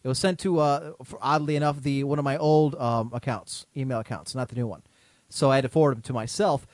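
A man's voice: mid-range voice, fairly even intonation, fairly quick, dry recording. A man hosting a casual talk show, throwing in wisecracks and reading listener mail aloud. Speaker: host. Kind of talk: casual podcast chat.

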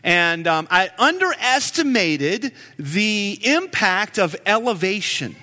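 A man in his forties preaching a sermon as a pastor, telling stories in an animated, joking way. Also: high-pitched, big-room sound. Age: 40s.

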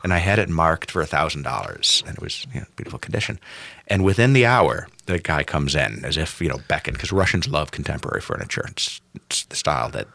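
A man telling a long story in casual chat, animated and swinging between loud and soft. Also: a bass voice, fast, gravelly, no echo.

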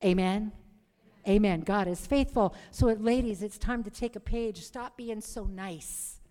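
A middle-aged woman giving her conversion testimony to a live audience, telling her story in a lively way and calling for "Amen.". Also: mid-range voice, a little slow. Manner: lively storyteller who calls for "Amen" and "Praise the Lord". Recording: long reverb of a hall.

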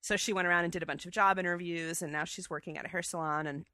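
Bright, chatty woman co-host. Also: lowish voice, steady tone, very fast, no room sound. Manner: chatty and enthusiastic, full of fillers. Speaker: podcast co-host. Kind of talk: casual chat.

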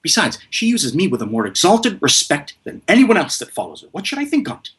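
A man's voice: fairly high pitch, huge pitch swings, fairly quick, a bit bright, voice pushed up. A man performing a proud, lovesick male steward in a classical stage monologue, played earnestly and straight.

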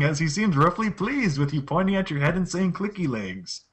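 A man narrates a tabletop game as its game master, his voice pitched a little high and moving up and down a lot. He describes the scene at length and often stumbles and restarts mid-sentence. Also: sing-song, moderate pace, breathy edge.

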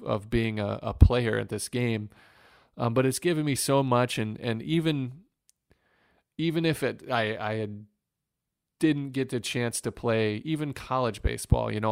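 Gravelly man telling an earnest story. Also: medium pitch, dry recording, studio quality. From Northwest Ohio, USA. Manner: earnest, reflective, emotional storytelling. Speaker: former professional baseball pitcher, guest. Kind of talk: storytelling in an interview.

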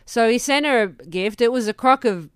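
A woman, co-hosting a radio show in quick-witted, giggly banter. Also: on the high side, lively intonation, clear, resonant tone, dry recording, studio quality. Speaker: radio co-host. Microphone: studio microphone.

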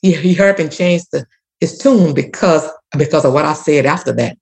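This Louisiana woman, once a teacher and now a community activist, speaks at a moderate pace in a low-pitched, creaky, slightly mellow voice. She earnestly recounts a personal story, restarting again and again, with a prayerful quality. The recording is of low quality.

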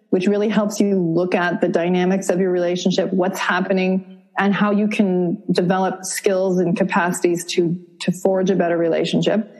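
A middle-aged woman from Vermont speaks as a counselor on a podcast, her voice sitting a little low. She explains things in a calm, measured, thoughtful way, building each point step by step. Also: rough recording. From Vermont, USA. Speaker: relationship and sexuality counselor, guest. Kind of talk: podcast interview.

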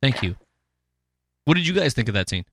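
Bright-voiced joking man. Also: mid-range voice, fairly quick, no echo, studio quality. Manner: joking, animated retelling. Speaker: podcast host. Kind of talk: casual chat.

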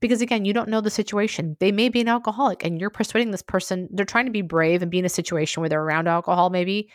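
A woman's voice: lowish voice, fast talker, no echo. A woman hosting her own podcast, talking frankly and conversationally, full of asides, into a close mic. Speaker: podcast host. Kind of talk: candid solo podcast monologue.

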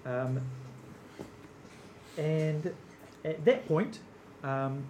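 Male game master, live stage show, slow and halting, echoey room. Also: on the high side, darkish tone, a little hiss or hum. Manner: hesitant, full of fillers, amused. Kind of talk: live tabletop game narration. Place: stage in front of a live audience.

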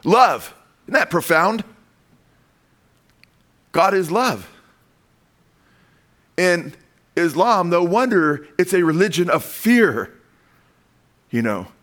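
A man preaching a sermon with emphasis, calling out "amen?" to his congregation and swinging between loud stressed lines and quiet asides. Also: sits high, sing-song, takes it slowly, long pauses. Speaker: pastor.

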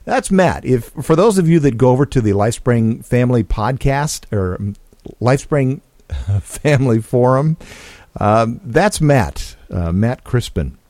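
A man's voice: medium pitch, unhurried, dry recording. A man hosting a podcast, talking casually with fillers and restarts between listener comments. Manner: relaxed, chatty with frequent fillers and restarts. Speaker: podcast host.

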